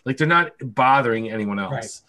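A man on a casual podcast, telling animated anecdotes full of swearing and laughter. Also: medium pitch, moderate pace. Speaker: podcast co-host. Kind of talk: casual storytelling chat.

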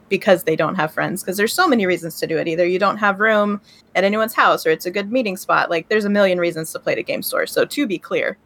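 A woman's voice: on the low side, a bit bright, no room sound. A woman co-hosting a casual podcast chat, explaining herself carefully with many fillers. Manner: hedging, clarifying, many likes and ums. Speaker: podcast co-host.

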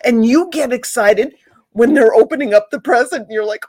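A woman's voice: a little high, normal speed, a little mellow. Rambling, enthusiastic woman reviewing pet toys. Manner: rambling, enthusiastic, many restarts. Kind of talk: casual chat.

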